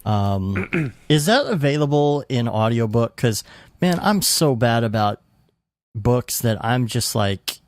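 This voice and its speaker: A man co-hosts a podcast in casual chat, rambling along with plenty of fillers and restarts. His mid-range voice swings widely in pitch and moves slowly. The recording is studio quality with no room sound.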